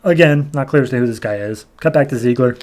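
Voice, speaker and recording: Guy on a comics podcast, chatty recap, rambles a bit, middle-pitched voice. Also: darkish tone. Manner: rambling, retells scenes with quick quoted character voices. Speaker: podcast host. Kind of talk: casual comic book recap.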